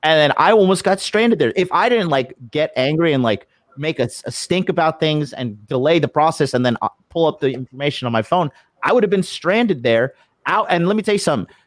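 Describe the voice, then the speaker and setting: A man telling a long travel complaint in casual podcast chat, profane and animated, acting out the people he quarrels with. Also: a little high, brisk, no room sound. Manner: profane, animated retelling with acted quotes. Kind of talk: casual storytelling. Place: lives abroad in Japan.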